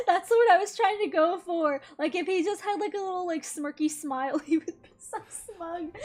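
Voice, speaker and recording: A woman with a high, bright voice chats casually on a game live stream. She talks in a loose, rambling way and breaks into giggles often. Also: moderate pace, soft background music. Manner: giggly, chatty, laughs often.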